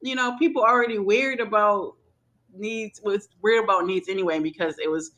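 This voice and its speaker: Bright-voiced woman telling a story. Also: medium pitch, normal speed. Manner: animated, laughing often, colloquial. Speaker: podcast co-host. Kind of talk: casual storytelling chat.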